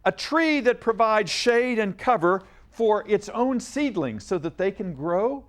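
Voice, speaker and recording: A man's voice: high-pitched, lively intonation, measured pace. A man hosting a school science quiz show on TV, upbeat and coaxing as he reads questions and encourages the students.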